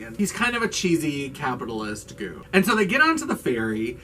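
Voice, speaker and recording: A man's voice: medium pitch, big pitch swings, normal speed, hardly any pauses, fairly bright tone, distant mic, slight background noise. A man who hosts a video channel as a drag queen recaps a horror movie in a casual, sarcastic way, with lots of "like". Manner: chatty and sarcastic, with filler "like".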